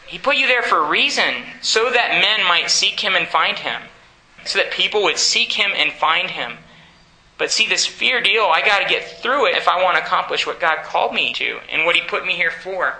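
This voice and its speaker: A man's voice: sits high, expressive, a little fast, creaky, bright, forceful tone, reverberant, poor audio. A man preaching a sermon in an earnest, exhorting way, often putting questions to his listeners.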